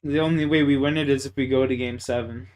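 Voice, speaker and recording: Profane, excitable Canadian man chatting. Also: medium pitch, fast, clear, resonant tone. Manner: profane, excitable storytelling with laughs. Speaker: streamer. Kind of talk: casual chat while gaming.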